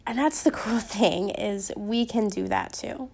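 A woman's voice: mid-range voice, measured pace, vocal fry, a little mellow. A young woman hosting a casual Christian podcast, with a slight Upper Midwestern accent, chatty and rambling with many ums and restarts. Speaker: podcast host.

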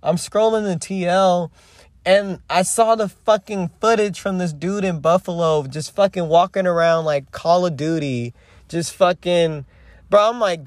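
A man's voice: sits high, unhurried, no room sound, studio quality. A young man hosting a casual solo podcast, speaking in a loose, profane, slangy way that trails off and restarts. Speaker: podcast host.

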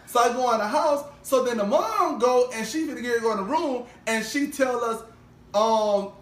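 A man's voice: very high voice, moderate pace. A young man co-hosting a casual podcast, telling a long story and acting out every quoted voice. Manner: animated, acts out every quoted voice. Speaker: podcast co-host. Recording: roomy, distant mic with faint ambience.

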